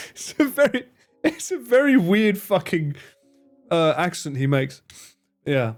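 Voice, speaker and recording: A young man chats casually on a live stream, responding to his viewers at a moderate pace and with an animated delivery. He swears freely and imitates his friends' remarks in higher voices. Faint music plays in the background.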